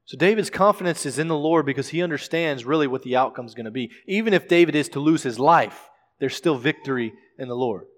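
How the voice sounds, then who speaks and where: A male pastor preaching a sermon in a measured way, often repeating words as he explains scripture. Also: a little high. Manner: measured preaching with frequent word repetitions. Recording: long reverb of a large hall.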